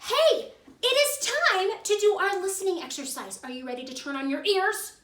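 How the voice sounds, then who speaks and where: A woman leading a preschool music class in an animated, sing-song way for young children. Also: very high voice, moderate pace, distant mic. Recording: echoey room, voice from off-mic, music behind.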